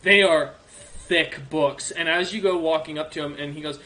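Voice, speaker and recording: A man narrating a tabletop game as game master in a relaxed, animated storytelling manner. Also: on the high side, normal speed.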